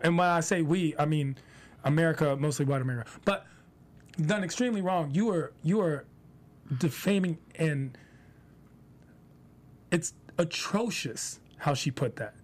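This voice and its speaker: A man's voice: a little high, moderate pace, long pauses. Emphatic man co-hosting a chat. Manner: emphatic, repeats for stress. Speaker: podcast co-host. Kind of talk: casual opinion talk.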